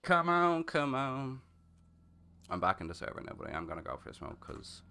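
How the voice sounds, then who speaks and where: A man in his thirties with an Irish accent, chatting casually and crudely while streaming a game, swearing often and breaking into loud laughs. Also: medium pitch, very animated, moderate pace, creaky. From Ireland. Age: 30s. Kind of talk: casual chat while gaming.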